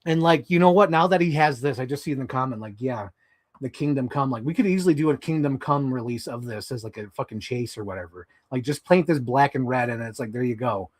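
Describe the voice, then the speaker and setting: A man hosting a live stream, chatting casually about toys and podcasts in a profane, animated, rambling way. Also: medium pitch, fast.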